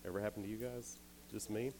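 Man, thirties, very low voice, chatty storyteller, slightly tired, youth camp sermon. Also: steady tone, quick pace, darkish tone, slight background noise, poor audio. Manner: chatty, self-deprecating storyteller. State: a little tired. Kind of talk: casual sermon with stories. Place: indoor camp meeting hall.

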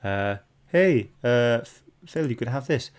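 Male host, chatty and jokey, reads viewer comments, mid-pitched voice. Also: lively intonation, measured pace, a little hiss or hum. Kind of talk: casual podcast chat.

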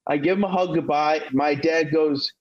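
A man co-hosting a podcast in casual chat, an animated storyteller who laughs often. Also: on the high side, moderate pace, highs cut off. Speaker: podcast co-host.

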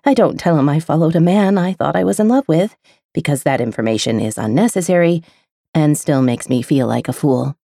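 Female audiobook narrator, low and mellow, intimate expressive read. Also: fairly quick, gravelly, slightly rough, no echo, studio quality. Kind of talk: first-person romance narration.

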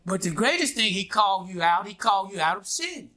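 Bright-voiced preacher calling out to his flock. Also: high-pitched, big pitch swings, brisk. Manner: preaching with rhetorical "what?" and "huh?" prompts. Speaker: pastor. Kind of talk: call-and-response sermon. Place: church with a responding congregation.

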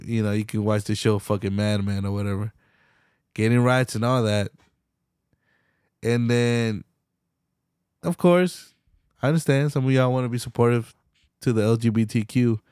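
Young male podcast host, profane and animated, mid-pitched voice, dry close mic. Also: normal speed, long pauses, smooth, no room sound. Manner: profane, animated, slangy, laughs often. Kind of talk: casual solo podcast rant.

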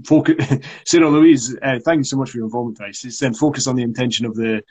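Husky-voiced Scottish man, chatty co-host. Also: medium pitch, fast, a little mellow. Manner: chatty, frequent fillers and repeated yeahs. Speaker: acting coach co-host. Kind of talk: casual live discussion.

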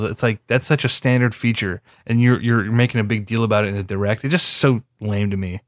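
A man's voice: on the low side, brisk, hardly any pauses, dry recording, clean studio sound. A tired man co-hosting a casual gaming podcast, grumbling and sarcastic, with the odd swear. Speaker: podcast co-host.

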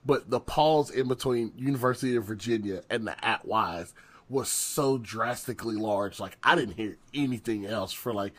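Husky, low-voiced podcast host. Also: male voice, normal speed. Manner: animated, acts out quotes, laughs often. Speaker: podcast co-host, former football and baseball player. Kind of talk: casual podcast storytelling.

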